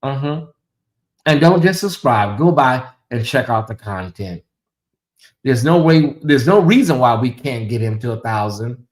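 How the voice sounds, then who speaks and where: Animated man livestreaming in an echoey room. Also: mid-range voice, a little slow. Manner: animated, teasing, talks straight to chat. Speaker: livestream host. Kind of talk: casual livestream chat.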